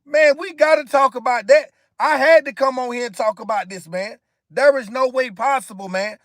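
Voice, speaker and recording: Emphatic high-voiced man on a livestream. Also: moderate pace, no room sound. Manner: emphatic, repetitive, addresses viewers directly. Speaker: live stream host. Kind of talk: impassioned commentary monologue.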